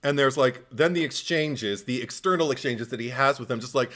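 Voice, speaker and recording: A man hosting a podcast in loose, casual chat. His voice is bright and forceful, he rambles with enthusiasm, and he swears freely. He laughs often as he goes. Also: medium pitch, a little fast. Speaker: podcast co-host.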